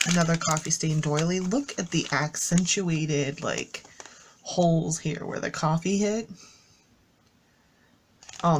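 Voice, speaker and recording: A woman's voice: on the low side, noisy background. A woman casually walking viewers through a handmade craft journal, chatty and enthusiastic, rambling with fillers and self-corrections. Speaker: craft YouTuber. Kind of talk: casual show-and-tell craft walkthrough.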